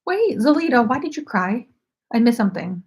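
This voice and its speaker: A woman's voice: fairly high pitch, very animated, brisk, darkish tone. A woman hosting a casual livestream from home, chatting in a rambling way and saying "like" often. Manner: rambling and chatty, heavy use of "like". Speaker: knitting livestream host.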